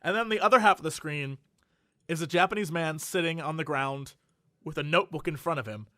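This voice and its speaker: A man co-hosting a casual podcast, his voice sitting high and sounding bright and forceful. He tells stories animatedly and laughs often. The mic is close and dry, with no room sound. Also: fairly quick, no room sound. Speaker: podcast co-host. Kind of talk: casual chat.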